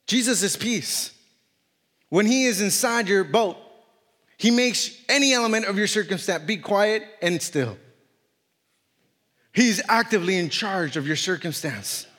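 A man's voice: high-pitched, fairly bright tone. A man with an accent preaching a sermon, reading scripture and then driving his points home with repetition. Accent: non-native English. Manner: reads scripture aloud, then preaches with repetition and rising emphasis; jokes self-consciously about his accent. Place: church hall. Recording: long hall reverb.

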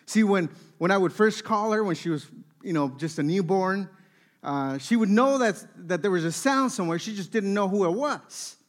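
A man in his thirties preaching a sermon, telling family stories with lively acted-out dialogue. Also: high-pitched, moderate pace. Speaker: pastor.

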